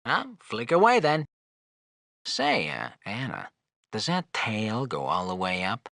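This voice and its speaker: A man's voice: on the low side, wildly swooping pitch, slow, gravelly, a bit bright, dry recording, clean studio sound, exaggerated voice. An actor playing a flirtatious, wisecracking floating male skull, teasing and sarcastic in game dialogue.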